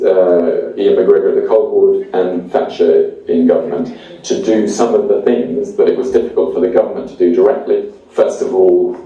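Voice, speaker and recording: A man giving a spoken account of history in a measured way, pausing often with fillers and restarts. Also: deep voice, dark tone. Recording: dull, echoey sound from far off.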